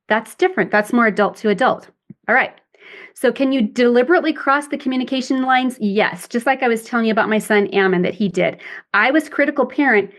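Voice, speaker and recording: A woman's voice: a little high, fairly quick. A middle-aged woman and parent coach explaining things in a podcast interview, often acting out example dialogues.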